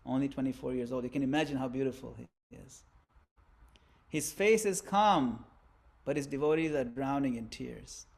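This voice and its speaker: A man giving a religious lesson, narrating a scene vividly with theatrical swings between loud and hushed delivery. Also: mid-range voice, moderate pace, vocal fry. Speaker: religious teacher. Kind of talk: dramatic storytelling lecture.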